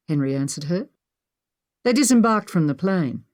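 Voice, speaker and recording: A woman reading an audiobook in an even, measured narration style. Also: deep voice. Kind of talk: scripted narration.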